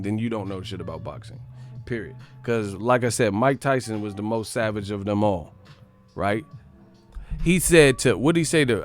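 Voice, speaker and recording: Profane ranting male boxing streamer. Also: mid-range voice. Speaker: boxing channel host. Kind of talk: live stream commentary.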